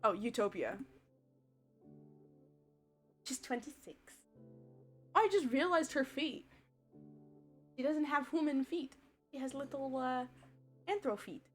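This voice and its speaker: A woman live-streaming a game in a slightly high voice. She talks slowly and giggles a lot while she chats with her viewers. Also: expressive, soft background music. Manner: chatty, giggly, answering chat. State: voice tiring. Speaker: VTuber streamer.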